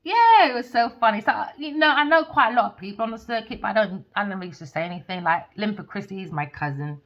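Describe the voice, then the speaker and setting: A woman telling a blunt, swear-filled story as a podcast host, dropping to low mutters and rising to loud excited bursts. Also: fast talker. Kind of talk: casual storytelling rant. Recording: muffled lo-fi recording.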